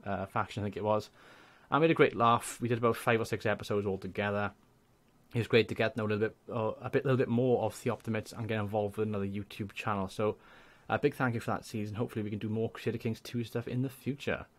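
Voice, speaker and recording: A young man with a Welsh accent, a gaming YouTuber chatting casually and rambling through channel shout-outs. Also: mid-range voice. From Wales. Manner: chatty, rambling, laughs often.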